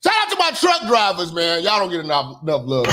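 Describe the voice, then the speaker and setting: A man hosting a livestream, talking casually, loud and profane, joking and laughing often. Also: sits high, huge pitch swings, fast talker, heavy background noise. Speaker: livestream host.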